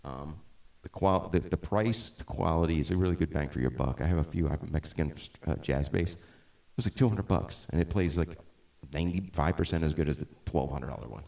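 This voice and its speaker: A man's voice: rumbling low, a little fast, creaky, dark tone. A middle-aged man chatting casually as the host of a live music stream, rambling with many restarts and tangents.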